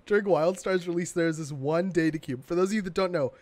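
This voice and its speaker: Young male podcast co-host, slightly high pitch, sarcastic and profane, loose casual delivery. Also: a little fast, a little mellow. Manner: blunt and sarcastic, swears freely. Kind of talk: casual gaming news chat.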